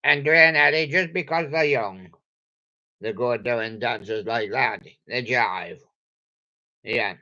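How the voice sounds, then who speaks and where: A man's voice: medium pitch, slow, long pauses, sharp tone, dull audio. An older man rambling playfully to himself in a meandering solo monologue. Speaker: vlogger.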